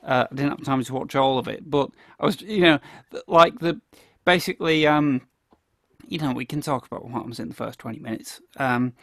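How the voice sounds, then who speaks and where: A man talks through a TV play in loose, casual conversation, pausing often on fillers and restarting his sentences. His voice carries a gravelly fry, and the recording is close and dry with no room sound. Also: medium pitch, a bit bright, no room sound. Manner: hesitant, many fillers and restarts. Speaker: podcast co-host. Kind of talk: casual chat about a TV play.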